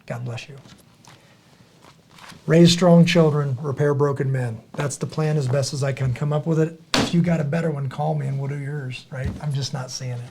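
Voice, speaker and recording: There's a little hiss or hum behind this middle-aged podcast host, whose gravelly voice is on the high side at a normal speed. His storytelling is casual and earnest, lively with acted-out quotes.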